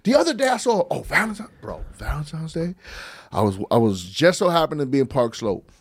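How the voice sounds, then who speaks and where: A man throws teasing, slang-heavy jabs at his friends on a podcast. His voice sits a bit high and swings widely in pitch. The chat is casual and quick to mock. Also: husky. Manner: teasing, slangy, animated banter.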